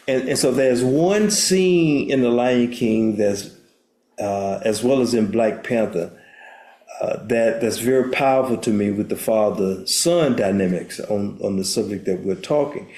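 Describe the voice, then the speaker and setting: A man's voice: on the low side, unhurried, dark tone. An older man from the United States, a therapist and minister, telling a story as an interview guest in an earnest way, often restarting words. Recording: roomy echo.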